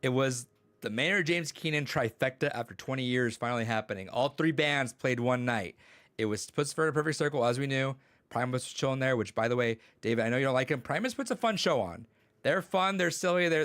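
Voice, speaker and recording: A man's voice: medium pitch, a bit bright, dry recording. A young man chatting casually on a podcast, telling rambling stories full of swearing and quoted dialogue. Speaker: podcast co-host and teacher. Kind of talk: casual chat.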